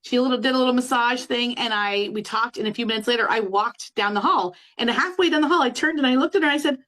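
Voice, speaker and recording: A woman's voice: fairly high pitch, fast, a bit bright, rough recording. A woman in her thirties, a school teacher and busy mom, telling her personal story in a chatty way. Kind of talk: personal testimonial.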